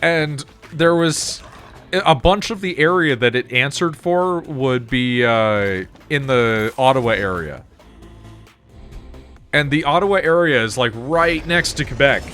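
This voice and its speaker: Male streamer, mid-pitched voice, loose and swearing, light music underneath. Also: expressive, measured pace, fairly bright tone. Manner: chatty and laughing, swears freely while telling anecdotes. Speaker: gaming streamer. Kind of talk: casual gameplay commentary.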